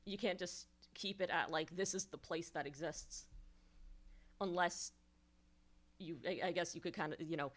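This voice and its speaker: A woman's voice: lowish voice, fairly even intonation, moderate pace, long pauses, a bit bright. Rambling New woman streamer. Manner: rambling, many fillers and restarts, explanatory. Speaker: streamer giving songwriting feedback. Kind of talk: casual livestream critique.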